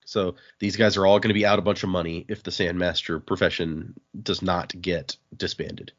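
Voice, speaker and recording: A man hosting a podcast, recapping a comic in a relaxed, rambling chat full of fillers. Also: low voice, normal speed. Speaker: podcast host. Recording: dull lo-fi sound.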